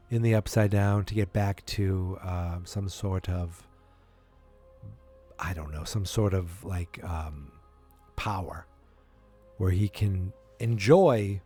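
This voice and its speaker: A man with a lowish, mellow voice hosts a solo podcast, thinking aloud about a show he loves. He rambles and restarts often, with earnest fan enthusiasm, while faint music plays behind him. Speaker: podcast host.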